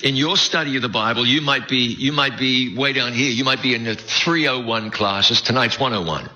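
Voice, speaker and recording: A man's voice: mid-range voice, moderate pace, pushed and bright. A man in his fifties with a faded New Zealand accent, preaching a folksy, joking, self-deprecating sermon with frequent restarts. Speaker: preacher leading a Bible study series. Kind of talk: conversational sermon. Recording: dull lo-fi recording.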